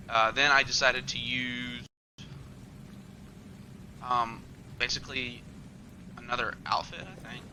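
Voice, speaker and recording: Young guy rambling about his game loadouts, really bright edgy voice, a bit of noise. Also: medium pitch, rough recording. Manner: rambling, loose and filler-heavy. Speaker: gaming channel host. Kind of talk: casual gameplay commentary.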